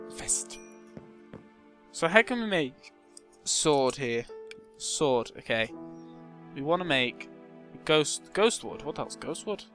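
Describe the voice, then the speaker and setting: A young man giving casual gameplay commentary, muttering to himself and breaking into loud, excitable shouts. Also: medium pitch. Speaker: gaming channel host.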